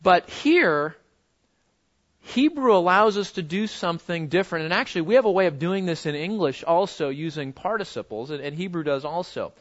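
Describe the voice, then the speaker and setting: A man teaching a Bible lesson in a conversational way, often repeating words and slowing down to stress key phrases. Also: high voice, animated, highs cut off.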